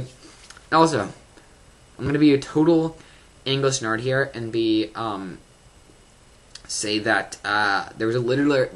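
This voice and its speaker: A young fan records a casual vlog review. The voice is bright and forceful, the talk excited and rambling, packed with fillers and little laughs. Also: medium pitch.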